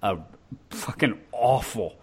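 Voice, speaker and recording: Guy hosting a comedy podcast, swearing a lot, rambling jokes, mid pitch. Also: slow, darkish tone. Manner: rambling, profane, riffing. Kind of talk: casual comedic banter.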